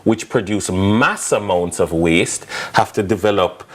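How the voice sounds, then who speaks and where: A man's voice: lowish voice, measured pace. Jamaican man, explaining on morning TV. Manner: explains words at length, laughs easily. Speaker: morning show co-host. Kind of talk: casual morning TV chat.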